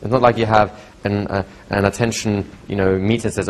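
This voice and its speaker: A man teaching a live hypnosis workshop, telling stories with lively acted-out quotes. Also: on the low side, brisk, hardly any pauses. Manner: lively storytelling, acts out quotes. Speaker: hypnosis trainer. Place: training seminar room.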